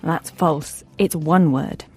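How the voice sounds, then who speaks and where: A woman's voice: low-pitched, fairly even intonation, takes it slowly, a little mellow, slightly rough, soft background music. A young woman co-presenting an English vocabulary lesson, explaining grammar in a friendly, scripted teaching dialogue. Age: young adult. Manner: friendly, explanatory, light laughs.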